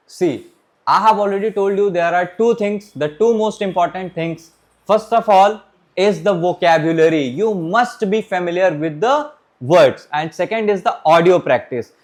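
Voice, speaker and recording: High-voiced teacher. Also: male voice. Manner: repeats "okay, my friends", restarts and pauses while writing. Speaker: French teacher. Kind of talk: classroom lecture.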